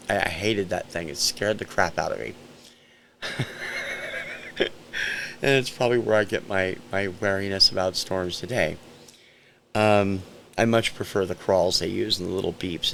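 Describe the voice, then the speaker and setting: Deep, gravelly man in his sixties from central Ohio; loose, hesitant first-person storytelling. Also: a bit bright, slight background noise. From central Ohio, USA. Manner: rambling and hesitant, frequent ums and self-corrections. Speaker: storyteller recounting a memory.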